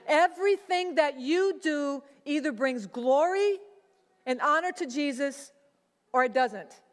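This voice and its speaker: Woman pastor, casual sermon, higher voice, long hall reverb. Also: animated, slow. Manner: conversational, acts out quoted voices.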